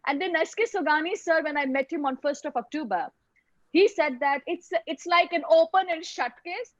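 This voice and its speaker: A woman tells her own story in a web lecture, halting and repeating words as she goes, heard over a video call microphone. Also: high voice, dry recording, highs cut off.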